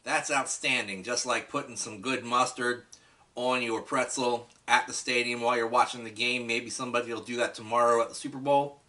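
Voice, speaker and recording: A man's voice: mid-range voice, steady tone, fairly quick, bright, forceful tone, far from the mic. A man chatting enthusiastically through a casual food review, talking straight to his viewers.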